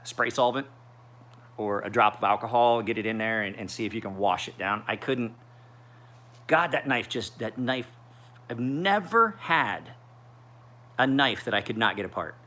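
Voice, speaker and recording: A man's voice: fairly low pitch, fairly even intonation, normal speed, sharp tone. A man in his forties rambling through a casual livestream chat as a knife sharpener, with profane storytelling. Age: 40s. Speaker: knife sharpener streaming live.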